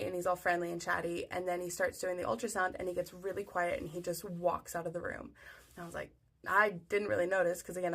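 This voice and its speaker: A woman's voice: on the low side, fairly bright tone. A young adult woman telling a story in a chatty, casual way, full of "like" and acting out what people said. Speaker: storyteller on social video.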